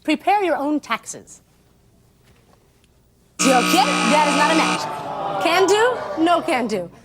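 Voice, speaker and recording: A woman's voice: high-pitched, very animated, heavy background noise. A woman hosting a television game show with bubbly quips, speaking in a put-on English accent. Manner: bubbly, quick quips to contestants. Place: TV studio with live audience. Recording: loud studio music and audience.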